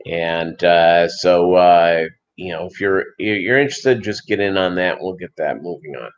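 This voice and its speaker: A man with a fairly low voice talks loosely on a live stream about his fish, rambling and filling gaps with fillers. The sound is dull and lo-fi. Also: unhurried. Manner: relaxed, rambling, many fillers. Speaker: fish-keeping channel host. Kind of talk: casual live-stream chat.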